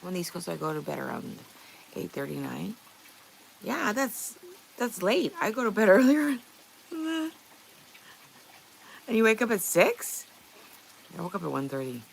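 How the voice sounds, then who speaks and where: A woman's voice: medium pitch, very animated, moderate pace, creaky, pauses often, a little hiss or hum. A middle-aged woman from Canada hosting a casual livestream, chatting with viewers in a blunt way, swearing freely and laughing often. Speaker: livestream host.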